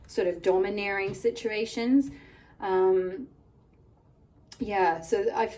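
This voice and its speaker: A woman with a croaky voice from a cold, giving a rambling pick-a-card tarot reading full of "like" and "um". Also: medium pitch, mellow. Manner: rambling, many "like" and "um" fillers. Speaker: tarot reader. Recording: voice a bit far from the mic, faint room noise.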